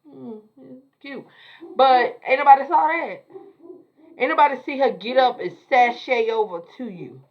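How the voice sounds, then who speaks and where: A woman's voice: high-pitched, measured pace, lo-fi sound. Chatty, sassy woman recapping a show. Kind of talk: casual TV recap.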